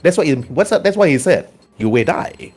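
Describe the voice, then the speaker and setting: A man voicing a man who speaks a broken ancient language in loud, choppy bursts. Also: a little high, sing-song, brisk, pitched above the performer's own voice. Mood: halting.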